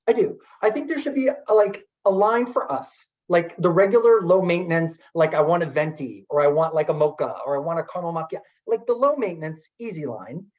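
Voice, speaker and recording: A middle-aged man telling a story in a webinar talk as keynote speaker, chatty and animated with many filler words. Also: a little high, a little fast, hardly any pauses. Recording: dull lo-fi webinar audio.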